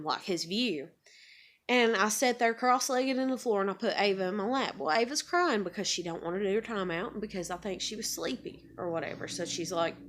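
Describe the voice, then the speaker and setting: Woman venting in a vlog, cussing a lot, rambly and emotional, average pitch. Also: a bit bright. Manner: emotional, heavily profane, rambling. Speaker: vlogger. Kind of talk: confessional storytelling vlog.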